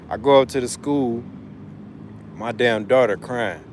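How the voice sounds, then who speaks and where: A man's voice: mid-range voice, unhurried, pauses often, slight background noise. Cussing, rambling male livestream host. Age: adult father of school-age kids. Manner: loose, profane, rambling and emphatic. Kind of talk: casual livestream chat.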